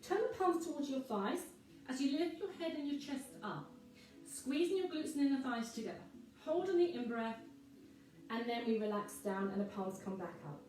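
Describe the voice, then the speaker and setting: A woman with a high voice guides a pilates class through each move, calm and encouraging as she counts the breaths. She sounds far from the mic in a very echoey room. Soft music plays behind her. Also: normal speed. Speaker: pilates instructor. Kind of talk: guided workout instruction.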